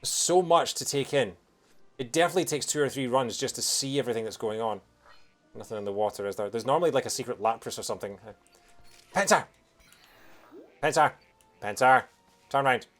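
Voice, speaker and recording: Fast-talking with a medium-pitched voice, a man hosts a let's play with loose, energetic commentary. He hums tunes and cracks jokes, with soft background music playing.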